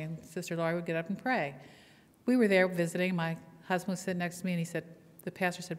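Woman pastor, lowish voice, playful storytelling sermon, echoing church hall. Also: fairly quick. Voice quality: lively storytelling, playful call-and-response with congregation. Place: church sanctuary. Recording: long hall reverb in church.

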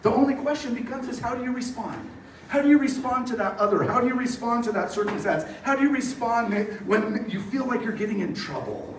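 High-voiced male pastor in an echoey hall. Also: brisk, distant mic, a little hiss or hum. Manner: storytelling with animated quoted voices. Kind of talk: sermon. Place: church hall.

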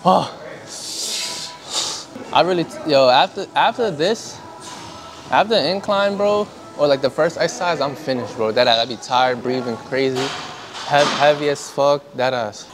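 A man's voice: fairly high pitch, a little slow, long pauses. A young man chatting casually in a gym between sets, slangy and profane, telling stories with laughs. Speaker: vlogger. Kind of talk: casual workout vlog chat.

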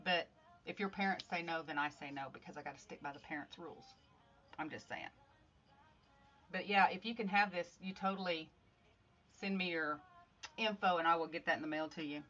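A chatty, upbeat woman hosts a live stream from her craft space at home and greets viewers by name as she works. Her voice is bright and forward. The phone audio is a little dull, with soft music underneath. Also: on the low side, a little fast, pauses often. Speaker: livestream host making craft art. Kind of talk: casual livestream chat greeting viewers.

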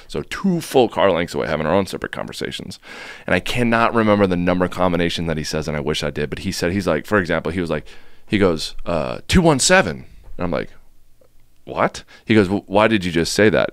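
A man's voice: low-pitched, clean tone, no echo. A man guest on a podcast, telling a story casually and animatedly, swearing and acting out quotes.

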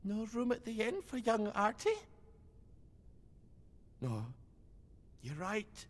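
A lonely old man in a game, rambly, up and down, kinda high, long reverb. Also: very animated, slow pace, full character voice. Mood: rambling. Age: older. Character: lonely old man who talks to his absent wife. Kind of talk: video game voice acting.

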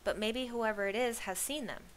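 A woman's voice: a little high, normal speed, slight background noise, lightly acted. A woman voicing a practical young boy in a storybook reading, speaking in a level, sensible way. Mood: alert.

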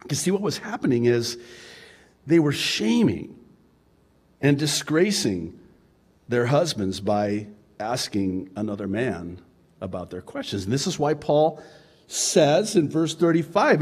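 A man preaching a sermon as pastor, conversational and animated, laughing with the congregation and acting out their objections. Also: mid-range voice. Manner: acts out congregants' objections in a raised voice.

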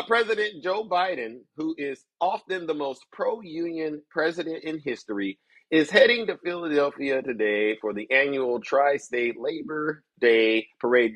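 A man's voice: fairly high pitch, dry recording. A man hosting a political commentary show, ranting to his viewers in a theatrical, mocking showman manner. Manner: theatrical, mocking, showman-like, keeps saying "ladies and gentlemen".

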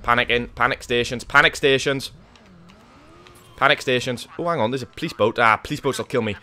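A man's voice: medium pitch, a little fast, pushed and bright. A man giving live, panicky commentary on his own gameplay, swearing and talking to himself. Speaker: gaming YouTuber.

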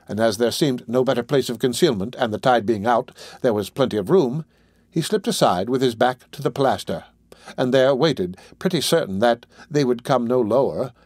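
Male audiobook narrator, steady and even. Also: medium pitch, dry recording, clean studio sound. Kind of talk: scripted narration.

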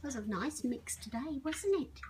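A woman's voice: high-pitched, lively intonation, normal speed. A woman filming her pet parrots at home, cooing at them in sing-song baby talk and repeating their pet names. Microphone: handheld camera. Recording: loud parrot noise behind. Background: parrots squawking.

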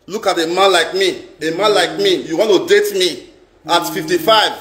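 A man's voice: high voice, moderate pace, a bit bright, reverberant, slight background noise. A middle-aged Nigerian man telling a story on a live stream, dramatic and chatty, slipping into pidgin and repeating himself.

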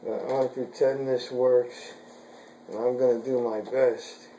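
Slow-talking young man with a mellow voice. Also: mid-range voice, little pitch movement, echoey room, a little hiss or hum, low-quality recording. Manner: frustrated, swearing at gear. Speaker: vlogger. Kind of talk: casual home vlog.

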